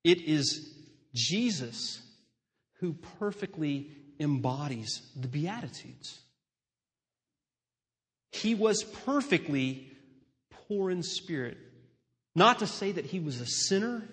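Male pastor, slightly high voice, deliberate emphatic sermon delivery, long hall reverb. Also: lively intonation, a bit bright. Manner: slow, emphatic preaching with repeated refrains.

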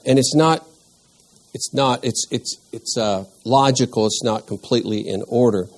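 A man leads a Sunday school class, reading scripture aloud before breaking it down for the group. He talks slowly and deliberately, pausing and restarting his sentences as he works his way toward questions for the class. His voice sits at a medium pitch. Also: a little mellow. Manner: slow and deliberate, with frequent pauses and restarts. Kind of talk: church Bible class teaching.

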